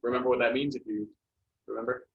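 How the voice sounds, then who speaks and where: A man's voice: medium pitch, flat delivery, quick pace, gravelly, a little hiss or hum. Casual man teaching in an echoey classroom. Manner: casual, filler-heavy explaining. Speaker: Spanish teacher. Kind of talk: classroom lesson. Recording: echoey, distant, dull classroom recording.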